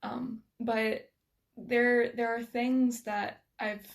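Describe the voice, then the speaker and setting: An American woman whose accent carries a slight Scottish lilt, talking quickly in a casual conversation with many restarts and laughs. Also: a little high, little pitch movement, creaky. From United States. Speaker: guest.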